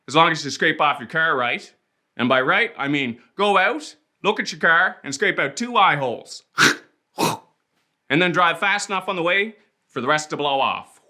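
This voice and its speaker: A man's voice: a little high, pushed and bright. A man with a Prince Edward Island accent, delivering a playful, rhythmic comic spoken-word monologue. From Prince Edward Island, Canada.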